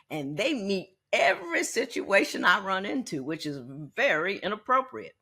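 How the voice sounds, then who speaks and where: A husky woman in her sixties talks openly about her own life as a podcast host. Her storytelling is animated and candid. She often repeats words while she thinks. Her pitch sits in the middle range. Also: normal speed, hardly any pauses. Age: 60s. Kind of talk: personal storytelling.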